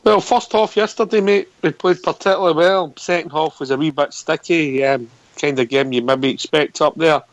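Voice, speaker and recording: Man, phone-in host, brisk, slightly high pitch, dry sound. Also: steady tone, no room sound. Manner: brisk, laughs along with callers. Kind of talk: live phone-in hosting.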